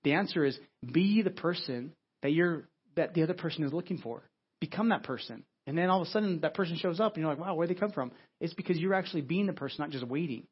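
A man's voice: a little high, fast talker, slightly rough, muffled recording. A man preaching a sermon as a pastor, speaking in a conversational way and often repeating words as he builds a point. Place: church.

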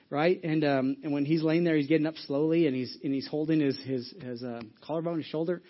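A pastor delivers his sermon in a loose storytelling way, often stopping and restarting his sentences. His voice sits a bit high for a man. The church recording is dull and lo-fi. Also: fairly even intonation, quick pace, few pauses. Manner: storytelling, casual, many restarts and asides.

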